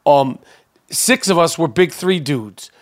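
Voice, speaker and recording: A man with a high-pitched voice tells a story on his podcast. He is loose and animated and curses freely. He stumbles through fillers and restarts as he talks. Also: slow. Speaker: podcast host.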